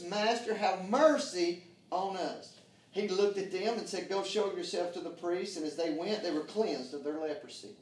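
A man's voice: fairly high pitch, darkish tone, recorded from a distance. Man, preacher, fervent sermon, call-and-response, echoey church hall, faint room noise. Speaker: pastor. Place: church sanctuary.

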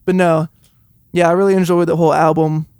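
A man's voice: fairly high pitch, flat delivery, a little fast, a little mellow. A young man chatting casually about music, telling a rambling funny story and laughing often. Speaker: podcast co-host. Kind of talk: casual music review chat.

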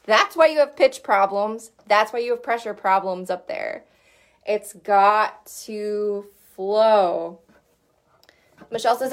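A woman's voice: mid-range voice, slow pace. A woman vocal coach teaching in a casual, chatty way, with lots of fillers and short sung demo notes.

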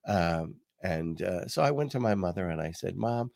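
Gravelly, lively older man host. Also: sits low, no echo, clean studio sound. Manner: animated, reads quotes aloud, pauses with ums. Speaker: podcast host. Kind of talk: casual commentary and storytelling.

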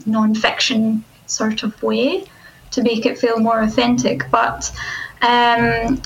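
A woman gives a thoughtful critique of a book opening, pausing on fillers as she works through her points. Her voice sits a little high, with faint noise in the background. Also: flat delivery, muffled recording. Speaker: guest reviewer. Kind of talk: casual spoken critique.

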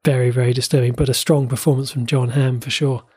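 A man's voice: medium pitch, little pitch movement, fast, a little mellow, slightly rough, no room sound, studio quality. A man from England co-hosting a casual podcast about shows, chatty, with playful mock indignation and frequent restarts. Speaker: podcast co-host. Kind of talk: casual entertainment review chat.

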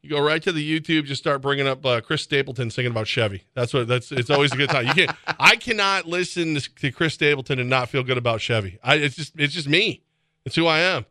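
A man hosting a sports radio show, excitable and rambling, often laughing as he talks. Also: medium pitch, fast talker, no room sound, studio quality. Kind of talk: casual sports radio banter. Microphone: studio microphone.

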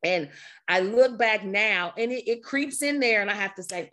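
A woman with a slightly strained voice, coaching a group on a video call in a lively, conversational way. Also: medium pitch, measured pace, a little hiss or hum. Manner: energetic, conversational, with laughs and repetitions. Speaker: coach leading an online group session. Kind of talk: motivational talk to a group.

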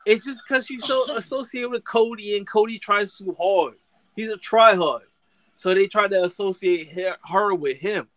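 A man with a notably high voice rants about wrestling crowds on a casual podcast. He swears freely and talks in an animated, indignant way. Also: moderate pace, no echo. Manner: animated, profane, indignant ranting. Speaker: podcast co-host.

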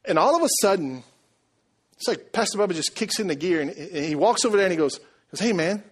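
A man preaching a sermon, telling a story and asking the congregation questions in a lively, conversational way. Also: sits high, quick pace, slightly rough. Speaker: pastor.

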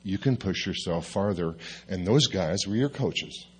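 A male pastor telling a personal story in a sermon, lively and confessional, with self-mocking asides. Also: sits low, unhurried, slight background noise.

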